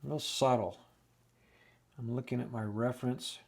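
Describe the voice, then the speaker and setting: A man's voice: mid-range voice, fairly even intonation, unhurried, vocal fry. A man giving a casual oil painting lesson, thinking aloud and restarting sentences as he works at the easel. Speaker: painting instructor.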